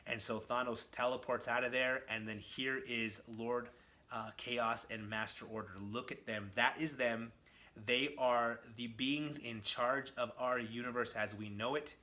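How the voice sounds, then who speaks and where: A man's voice: mid-range voice, fairly even intonation, measured pace, sharp tone. A man hosting a casual comic book video who tells the story with enthusiasm and speaks straight to his viewers. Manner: enthusiastic, addresses viewers directly.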